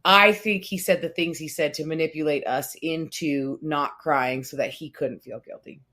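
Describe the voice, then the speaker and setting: A woman with a lowish voice talks through a casual podcast conversation. She tells her stories in an animated way and often jumps up in pitch to act out what others said. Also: normal speed. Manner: animated storytelling, acts out quotes in raised voice. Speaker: podcast co-host.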